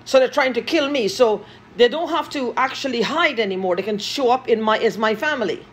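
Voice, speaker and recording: A husky woman, in an agitated vlog monologue. Her voice sits fairly high, and she swears and repeats phrases over and over. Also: a little fast. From Guyana. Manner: agitated, profane, repeating herself.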